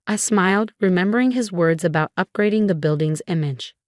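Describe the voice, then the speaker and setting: A woman reading a first-person story aloud in a measured, even manner. Her voice sits on the low side and sounds close and completely dry. Steady scripted narration, close to the mic. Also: no room sound.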